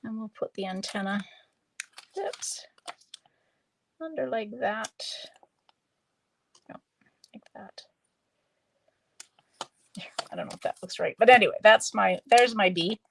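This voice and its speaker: A woman demonstrating card-making on a live stream, chatting slowly and thinking aloud as she works. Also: mid-range voice, vocal fry, slight background noise. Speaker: stamping demonstrator.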